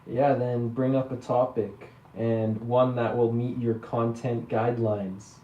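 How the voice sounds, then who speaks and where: A man chats casually and teases an AI voice, stalling with repeated words. His voice sits at a middling pitch. It sounds dull and lo-fi, roomy, and set back from the mic. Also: level tone, slow, recorded from a distance, a little hiss or hum. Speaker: user chatting with an AI voice. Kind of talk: casual chat.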